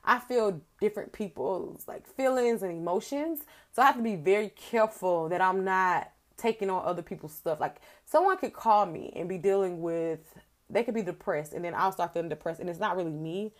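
A woman's voice: fairly low pitch, normal speed. Earnest woman preaching on a podcast. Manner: earnest, conversational, quotes her own prayers aloud. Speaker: podcast host. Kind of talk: faith teaching monologue.

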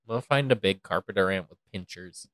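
A man's voice: deep voice, fairly quick, fairly bright tone, no room sound, rough recording. Teasing young man podcast co-host. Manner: teasing, dry. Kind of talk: casual chat.

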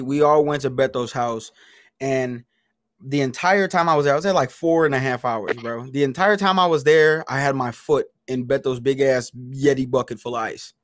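A man co-hosting a podcast, telling stories in a loud, profane, animated way, full of slang and swearing. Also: medium pitch, no room sound, studio quality. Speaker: podcast co-host. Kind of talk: casual chat.

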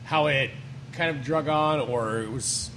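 A man co-hosting a casual sports podcast, giving firm opinions and quick agreements. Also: medium pitch, fairly bright tone, a little hiss or hum.

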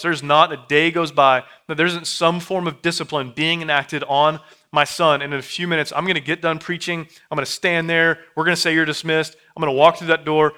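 A man in his thirties preaching a sermon in a church, repeating and building his phrases, dropping to a hush and then rising loud. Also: on the high side, clean tone. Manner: repetitive, building phrases, swings from hushed to loud. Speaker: pastor. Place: church sanctuary.

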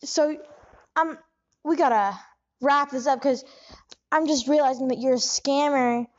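Woman host, puzzled interviewer, improv comedy, high voice, muffled lo-fi recording. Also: unhurried. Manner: puzzled, keeps asking questions.

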